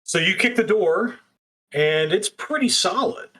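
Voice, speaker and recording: A man's voice: high-pitched, expressive, a little slow, pushed and bright. A man running a tabletop role-playing game, narrating scenes and explaining rules. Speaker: game master.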